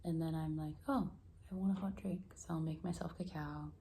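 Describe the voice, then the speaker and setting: A woman's voice: low-pitched, fairly even intonation, moderate pace, vocal fry, mellow, slight background noise. A woman vlogging at home in a rambling, self-deprecating casual chat, often laughing. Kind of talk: casual reflective vlog chat. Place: room at home.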